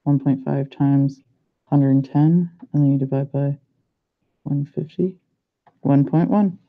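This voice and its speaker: A man's voice: medium pitch, steady tone. A young man, a pharmacy student, thinking aloud as he works through practice problems and doubts himself. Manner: muttering to himself, unhurried, self-doubting. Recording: muffled lo-fi recording.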